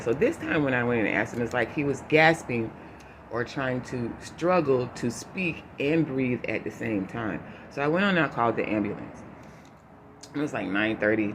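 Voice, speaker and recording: Guy giving a choked-up update to his viewers, halting, lots of ums, steady background noise. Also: mid-range voice. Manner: halting, with many fillers and restarts, holding back tears. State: emotional, choking up. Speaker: vlogger giving a family update. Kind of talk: unscripted personal update to viewers.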